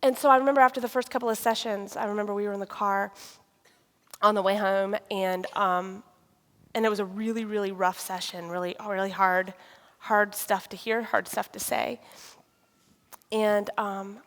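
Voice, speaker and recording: A woman sharing a candid personal faith testimony, often dropping to a hushed near-whisper. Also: mid-range voice, steady tone, normal speed. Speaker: guest speaker sharing her testimony. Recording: long reverb of a large hall.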